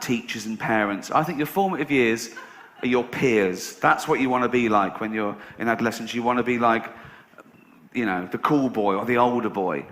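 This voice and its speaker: A man's voice: mid-range voice, a bit bright. A middle-aged man doing a sardonic stand-up routine, swearing and acting out characters. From England. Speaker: stand-up comedian. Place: large theatre with a live audience. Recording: echoey live theatre with audience laughter.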